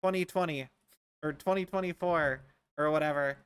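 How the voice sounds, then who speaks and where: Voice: medium pitch, moderate pace, clean tone, no room sound. A streamer from the rural United States chatting casually and rambling while playing a game, full of "like"s and restarts. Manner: rambling, many "like"s and restarts, amused.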